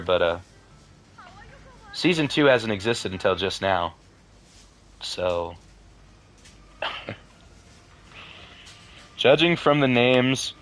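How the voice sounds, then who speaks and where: A man casually reading a horror story aloud for his video, breaking off for deadpan asides and the odd curse. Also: mid-range voice. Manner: deadpan asides, swears in frustration.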